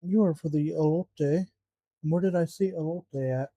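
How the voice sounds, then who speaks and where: A man's voice: fairly high pitch, measured pace, mellow, dry recording, dull audio. A man cooking at home, talking to himself in a flustered, muttering way and swearing often. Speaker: home cook vlogger. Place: home kitchen.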